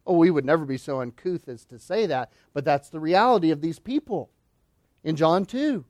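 Pastor, male, high voice, dry close sound, emphatic sermon delivery with rhetorical questions. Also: expressive, moderate pace, a little mellow, no room sound. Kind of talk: expository sermon.

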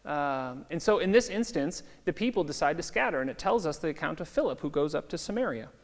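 Pastor, 30s, slightly higher voice, chatty sermon style, long reverb. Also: male voice, animated, a little fast. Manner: conversational storytelling with fillers. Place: church hall.

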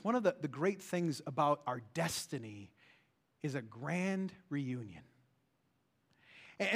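High-voiced male pastor preaching earnestly. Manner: earnest, swings from loud to hushed. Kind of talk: sermon.

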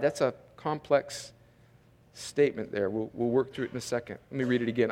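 A man's voice: medium pitch, fairly quick, a little mellow, big-room sound. A man preaching a sermon in an emphatic way. He reads scripture aloud, comments between the verses and often repeats words while he rephrases. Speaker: pastor. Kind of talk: expository sermon.

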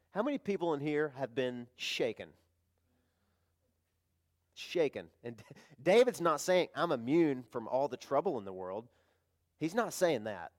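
A man's voice: mid-range voice, very animated, a little slow, pauses often. Male pastor, conversational sermon delivery, emotional, climbs to fervent emphasis.

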